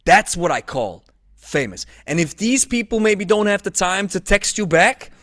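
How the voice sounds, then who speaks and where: A man hosting a casual podcast chat, enthusiastic and affirming, quick to cheer his guest on. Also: high-pitched, very animated, fairly bright tone, dry recording, clean studio sound. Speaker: podcast host.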